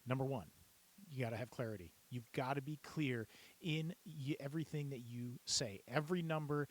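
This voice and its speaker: A man who coaches auctioneers, explaining the auction chant in an upbeat, repetitive way and breaking into quick chant demonstrations. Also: medium pitch. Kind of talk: instructional talk to camera.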